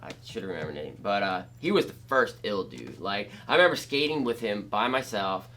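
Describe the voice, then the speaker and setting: A man's voice: on the low side, a little fast. A man from Pennsylvania, a former skateboarder, telling casual stories as a guest in a skate shop and acting out the people in them. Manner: animated, acts out voices in his stories. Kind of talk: casual storytelling.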